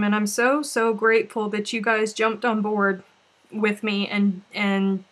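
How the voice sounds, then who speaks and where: A woman's voice: mid-range voice, fairly bright tone. A woman chats with her viewers on a crochet live stream, moving between tears and laughter. Her talk is loose and rambling, full of restarts and asides. It sounds like a casual livestream voice on a desk mic.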